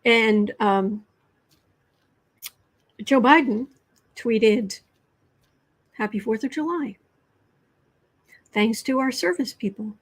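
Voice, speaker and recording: A woman hosting a casual tarot livestream, speaking slowly with many pauses and restarts. Her voice sits a little high, and her tone is blunt and sarcastic. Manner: halting, full of ums and restarts, blunt and sarcastic. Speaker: tarot and astrology livestream host. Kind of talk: casual political commentary livestream.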